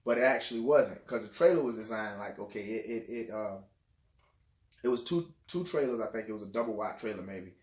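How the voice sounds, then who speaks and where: A man's voice: lowish voice, animated, brisk, darkish tone. A man casually recounting childhood memories, rambling and repeating phrases, with informal dialect grammar. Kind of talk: casual spoken memoir. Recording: roomy echo.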